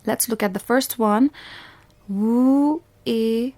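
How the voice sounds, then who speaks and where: A woman's voice: medium pitch, lively intonation, slow, darkish tone. A woman with a Bhutanese English accent, teaching a phonics lesson to young children, sounding out each letter and repeating every word patiently.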